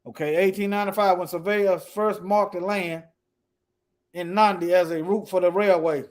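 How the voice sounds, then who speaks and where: A man with a notably high speaking voice, reading news articles aloud and commenting on them in a loose, off-the-cuff way. He hammers his points by repeating phrases and trips over words as he goes. Between points he drops to a quiet mutter, talking to himself. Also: steady tone, moderate pace. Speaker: political commentator.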